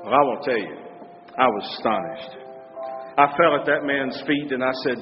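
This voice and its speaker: A man's voice: mid-range voice, lively intonation, moderate pace, big-room sound, lo-fi sound, over music. A man preaching a dramatic story sermon in a heartfelt, emphatic way, repeating phrases for effect.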